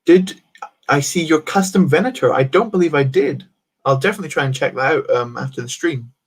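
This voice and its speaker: A man's voice: on the high side, brisk, breathy edge. A young man chatting casually on a live stream as he builds, reading out chat messages with many fillers and restarts. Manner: rambling, reads chat aloud, many fillers.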